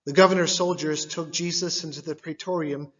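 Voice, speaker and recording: A man giving a liturgical scripture reading, delivered in measured phrases, one at a time. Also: fairly high pitch, fairly even intonation, fairly bright tone, dull audio. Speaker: scripture reader.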